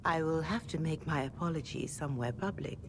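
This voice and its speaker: A woman's voice: low-pitched, brisk, background noise, lightly acted. An actress voicing a devout older woman cleric, speaking formally and courteously.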